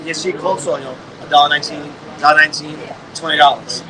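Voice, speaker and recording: A man's voice: fairly high pitch, steady tone, fast, crowd noise, rough recording. A man from Brooklyn co-hosting a podcast, telling stories in a blunt, profane way. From Brooklyn, New York. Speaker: podcast co-host. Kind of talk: casual chat.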